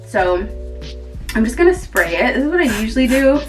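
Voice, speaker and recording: A woman's voice: on the high side, sing-song, brisk, distant mic, soft background music. A woman chatting casually to camera as a beauty vlogger, rambling with lots of fillers.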